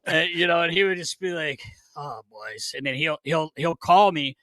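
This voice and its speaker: Guy cracking up telling old locker room stories, bright tense voice, dry sound. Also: a little high, a little fast, no echo. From Philadelphia. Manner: animated, laughs often, swears. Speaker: podcast co-host, former player. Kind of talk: casual storytelling chat.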